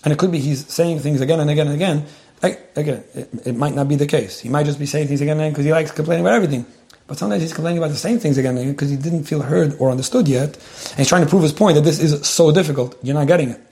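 Man, counselor, quick delivery, gravelly, slightly high voice, earnest advice talk. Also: warm tone.

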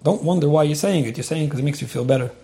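A man giving spoken advice on relationships, stuttering over his sentence starts and filling pauses with "um". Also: on the high side, dark tone. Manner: rapid, repeats words when starting sentences, lots of "um". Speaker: advice speaker answering a listener's question. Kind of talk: advice talk.

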